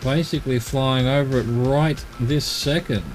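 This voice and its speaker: Australian male streamer, loose rambling commentary, soft music underneath. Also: medium pitch, fairly even intonation, unhurried. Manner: rambling, muttering to himself while exploring. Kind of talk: casual live-stream commentary.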